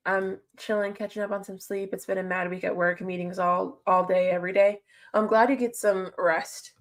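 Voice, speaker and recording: A woman's voice: mid-range voice, steady tone, moderate pace. A woman chatting casually on a livestream, answering her chat and laughing often.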